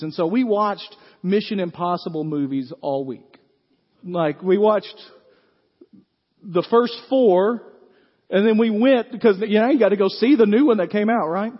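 Folksy pastor, high voice. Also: male voice, long reverb tail, dull audio. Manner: folksy, talks to the congregation with frequent "right?". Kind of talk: sermon. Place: church sanctuary.

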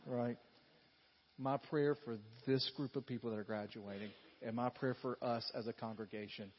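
A man preaching a sermon to his congregation, his delivery swinging from loud emphatic bursts to quiet, intimate storytelling. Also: on the low side, steady tone, moderate pace, dull audio, slight background noise. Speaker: pastor.

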